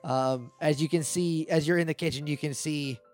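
A man's voice: a little high, fairly even intonation, normal speed, a little mellow, soft background music. A man narrating as game master of a tabletop role-playing podcast, loose and chatty with lots of fillers.

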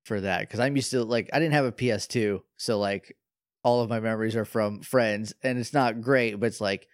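Podcast co-host, man, excitable, blunt opinions, dry close recording. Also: on the low side, normal speed, no room sound. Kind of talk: casual chat.

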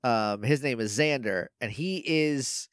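A man's voice: mid-range voice, measured pace, clean tone, no room sound, studio quality. A man co-hosting a podcast, chatting casually and laughing often, with plenty of fillers as he trails off. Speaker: podcast co-host. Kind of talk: casual chat recapping a TV episode.

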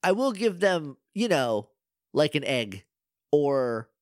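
A man co-hosting a podcast in casual chat, animated and laughing as he tells game stories. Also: fairly high pitch, slow pace, no echo, studio quality. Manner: animated, laughing, quotes game characters in little voices. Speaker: podcast co-host.

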